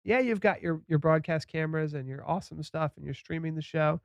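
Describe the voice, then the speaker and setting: A man with a slightly high voice hosts a relaxed podcast conversation. He talks in an animated way and slips into little voices when he quotes people. The sound is dry and close to the mic. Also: brisk, gravelly, no echo, highs cut off. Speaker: podcast host. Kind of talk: casual chat.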